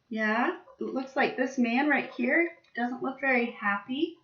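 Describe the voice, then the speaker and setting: Woman teaching small children, roomy and distant. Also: sits high. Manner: slow, exaggerated teacher talk for small children. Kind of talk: vocabulary lesson for young children. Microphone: laptop webcam. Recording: distant, roomy, dull webcam audio.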